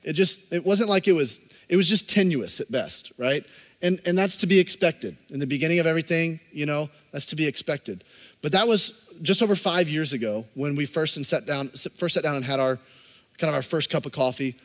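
Man, pastor, sermon, fairly high voice, earnest preaching, long hall reverb. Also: brisk. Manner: impassioned preaching, speaks directly to the congregation.

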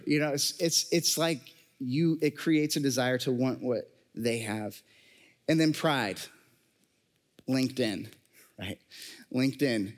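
A man's voice: medium pitch, slow, long pauses, long reverb tail. A man giving a casual, conversational sermon to a live congregation, joking and using lots of fillers.

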